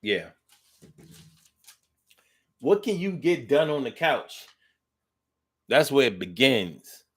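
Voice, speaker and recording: A man's voice: mid-range voice, very animated, takes it slowly, long pauses, slightly rough. A man hosting a casual talk monologue, reading out listener comments and riffing on them in a playful, drawling way.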